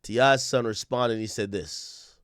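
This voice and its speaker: A man streaming, casually and excitably reacting to a clip for his chat, full of slang and frequent laughter. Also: mid-range voice, measured pace. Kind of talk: animated casual commentary to chat.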